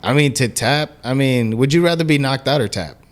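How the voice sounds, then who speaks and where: Easygoing male podcast co-host, mid-pitched voice, jokes and swears casually. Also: lively intonation, brisk. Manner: laid-back, joking, swears casually. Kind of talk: casual chat.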